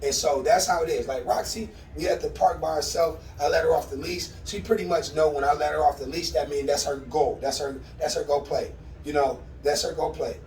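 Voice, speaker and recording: Casual vlogger, male, slightly high voice, conversational dog-training talk, distant roomy mic with faint background noise. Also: fairly even intonation, a little fast, darkish tone. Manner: laid-back, conversational, repeats dog commands. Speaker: dog owner training his puppy. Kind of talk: casual instructional vlog. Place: at home with his dogs.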